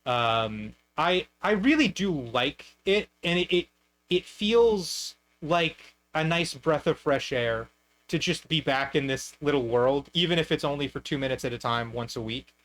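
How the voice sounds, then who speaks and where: A young man talks his way through an anime review on a stream. His voice sits a little high, and he rambles with plenty of fillers, restarts and casual swearing. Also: animated, a little slow, a bit bright. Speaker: streamer host.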